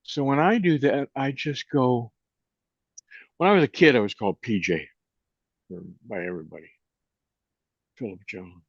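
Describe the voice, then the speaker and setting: In his eighties, this man co-hosts a reflective conversation about consciousness and leads a guided meditation as a teacher of both. His medium-pitched voice is gravelly and husky, unhurried and gentle, often trailing off softly. The recording has no echo but sounds dull and lo-fi.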